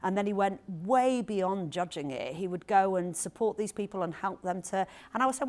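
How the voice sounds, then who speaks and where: A woman author in conversation at a live event, telling an anecdote in a lively, animated way with quick asides. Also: mid-range voice. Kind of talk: storytelling talk at a live event. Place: event hall with audience.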